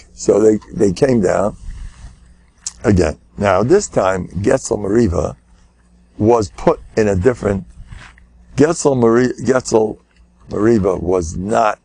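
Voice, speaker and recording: An older man, a rabbi, giving a Torah lecture as an animated storyteller, sprinkling in Yiddish words and shouting his punchlines. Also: mid-range voice, no echo. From United States.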